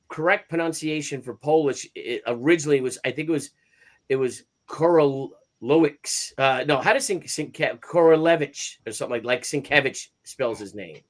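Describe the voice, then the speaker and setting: A man hosting a live stream in casual chat, greeting viewers by name in an animated, chatty way. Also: a little high. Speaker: host of live comics stream.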